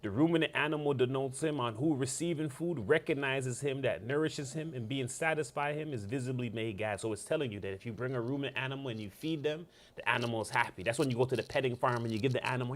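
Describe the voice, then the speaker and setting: A man teaching a Bible study in a loose, chatty manner, his voice climbing and swinging as he explains. He keeps turning to his listeners with quick check-ins, casual rather than preached. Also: medium pitch. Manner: animated, conversational, asks "all right?" often. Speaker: church teacher.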